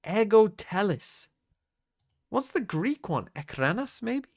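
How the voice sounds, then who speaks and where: A man with a gravelly, slow drawl talks himself through a guessing game, swearing often. His pitch swings widely from word to word. The speech is casual and unscripted. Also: big pitch swings. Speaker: streamer. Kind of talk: casual muttering while playing a quiz game.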